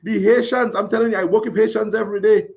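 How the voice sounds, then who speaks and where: Chatty and folksy, this live-stream host reads out viewer comments and keeps repeating phrases as he talks casually. He speaks fast in a high-pitched, gravelly, slightly mellow voice with a steady tone. The sound is dull, lo-fi stream audio.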